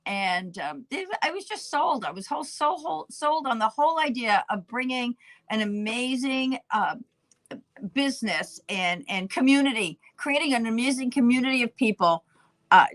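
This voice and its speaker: A woman's voice: on the high side, expressive, normal speed, a bit bright. A middle-aged woman hosting a live knitting show, chatting casually and laughing easily. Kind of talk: casual live-stream chat.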